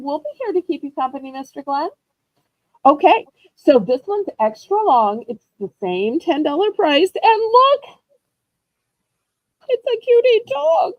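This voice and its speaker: Chatty high-voiced woman auction host. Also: no room sound, dull audio. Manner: chatty, gushing and upbeat. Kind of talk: live selling stream chat.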